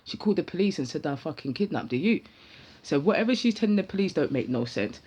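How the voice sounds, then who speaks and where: Lively, heavy man. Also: fairly high pitch, fast, breathy edge. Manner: animated, slangy, acts out each side of a dialogue. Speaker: vlogger. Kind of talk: casual storytelling.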